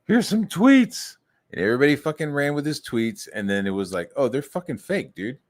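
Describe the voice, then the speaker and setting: A man ranting angrily on a stream, swearing constantly and mocking others in squeaky put-on voices. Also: lively intonation, quick pace. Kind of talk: profane ranting monologue.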